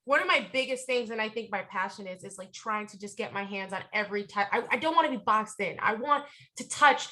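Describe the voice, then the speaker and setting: A woman's voice: medium pitch, a little fast, few pauses. A woman in her thirties with a New York accent, chatting as an actress guest in an interview and laughing often as she tells stories. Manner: lively, laughs often, animated storytelling. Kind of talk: casual interview chat.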